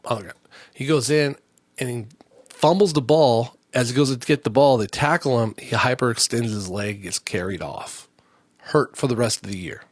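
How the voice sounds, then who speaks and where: A man's voice: mid-range voice, moderate pace, dry recording. A man hosting a comedy podcast, telling a long story in a heated, indignant, rambling way with many restarts. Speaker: podcast host. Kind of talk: casual storytelling rant.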